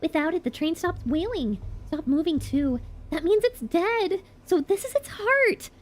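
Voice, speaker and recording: Brief: earnest small child, very high and lively, put on by a woman streamer. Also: unhurried.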